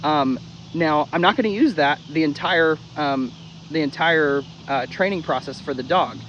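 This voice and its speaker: In lo-fi sound with slight background noise, a man with a slightly high, somewhat bright voice explains dog correction at a normal pace. He's a trainer giving casual, blunt instructions step by step, cursing freely and drilling the key steps through repetition.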